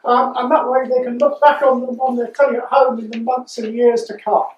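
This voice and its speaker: A man's voice: extremely high pitch, flat delivery, brisk, reverberant, distant mic, lo-fi sound. An amateur actor playing a fussy wedding videographer who hesitates and stumbles over his words. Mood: hesitant. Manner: hesitant, full of ums. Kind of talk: amateur stage acting.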